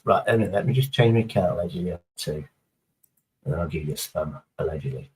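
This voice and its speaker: A man's voice: deep voice, expressive, quick pace, darkish tone, low-quality recording. Rambling, foul-mouthed man streaming. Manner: rambling, heavy swearing, chatty storytelling. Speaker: live streamer. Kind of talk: casual live-stream chat.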